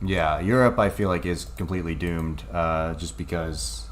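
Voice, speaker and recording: A man's voice: low voice, fairly even intonation, normal speed, slight background noise. A man livestreaming, talking casually in a heated, profane ramble full of fillers, into a desk microphone.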